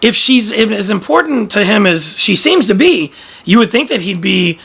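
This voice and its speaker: A woman's voice: mid-range voice, animated, normal speed, vocal fry, a bit bright, breathy edge. A woman co-hosting a casual podcast, rambling through a TV recap with many fillers and restarts. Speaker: podcast co-host.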